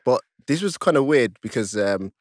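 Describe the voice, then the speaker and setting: A man guest on a podcast, telling a story in casual chat, laughing often and jumping high in pitch as he acts out his own panic. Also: expressive, normal speed, no echo, clean studio sound. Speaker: podcast guest, stripper and fighter.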